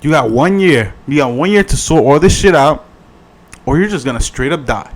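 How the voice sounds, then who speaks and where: A man voicing a vengeful male vampire lord who threatens a whole town, loud and profane. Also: on the high side, expressive, moderate pace. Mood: furious threatening.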